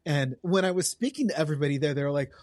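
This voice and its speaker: A man's voice: on the high side, expressive, racing, darkish tone, no room sound. A man hosting a podcast, chatting enthusiastically on a home podcast mic. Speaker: podcast host. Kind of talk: casual chat.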